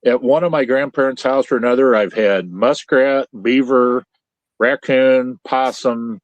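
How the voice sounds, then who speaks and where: An older man from central Illinois chats in a folksy, rambling way, often restarting his sentences. His voice sits at a middle pitch. The sound is dry and close, with no room echo. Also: steady tone, unhurried, lo-fi sound. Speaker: podcast host. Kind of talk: casual chat. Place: home trailer. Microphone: Starlink video call.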